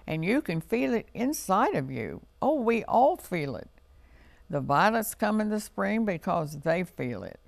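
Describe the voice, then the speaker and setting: A man voicing a cheerful, knowing male robin in a children's storybook, who talks in a brisk, amused, explaining way. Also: high-pitched, gravelly, no room sound, full character voice.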